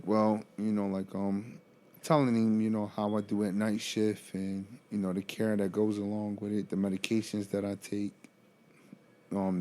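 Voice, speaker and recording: A man with a gravelly, fry-edged voice tells a story in a loose vlog style. He is animated and profane, laughs often, and keeps breaking into incredulous exclamations. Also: lowish voice. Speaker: motivational speaker.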